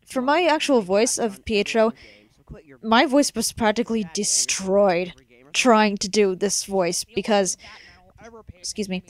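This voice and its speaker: A young woman with a fairly high voice talks through her own fan video in a loose, rambling way. She gets exasperated easily and keeps breaking into laughter as she chats on. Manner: chatty and rambling, often exasperated, laughs a lot. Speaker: creator of a fan-made abridged series, giving commentary. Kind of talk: casual, rambling commentary over video.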